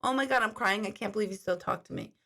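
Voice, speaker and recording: A woman in her forties chats casually to her live-stream viewers. Her voice has a gravelly, creaky edge. She drifts between rambling stories and reading comments aloud. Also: medium pitch, fast, pushed and bright. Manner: chatty storytelling, reads viewer comments aloud. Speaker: intuitive hosting a live stream.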